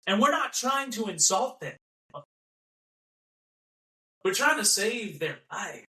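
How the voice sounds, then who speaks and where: High, bright-voiced man ranting in an echoey room. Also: sing-song, slow pace, distant mic. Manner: ranting, repetitive, mocking, acts out quoted voices. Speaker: podcast host. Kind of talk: impassioned monologue.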